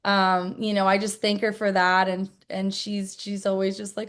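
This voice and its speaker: A woman's voice: mid-range voice, little pitch movement, moderate pace. A woman interviewed as a network marketer, answering earnestly and chattily with many "like"s and "I mean"s.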